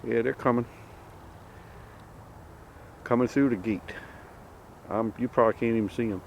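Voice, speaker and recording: A man's voice: medium pitch, fairly even intonation, moderate pace, gravelly, very noisy. A man, a farmer talking casually outdoors in a pasture into a handheld camera, folksy and rambling with wry humor. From Southern Maryland, United States. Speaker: farmer vlogger. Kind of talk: casual walk-and-talk narration.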